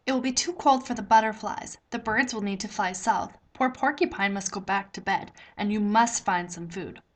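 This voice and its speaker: A woman's voice: medium pitch, normal speed, lightly acted. A woman reading aloud, voicing an eager, worried little male woodland creature who gives breathless, urgent warnings.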